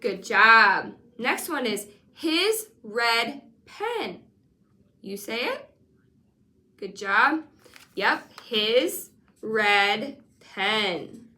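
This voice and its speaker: A woman teaching a one-on-one spelling lesson, patient and encouraging, sounding out letters slowly. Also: on the high side, very animated, pushed and bright. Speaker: reading teacher.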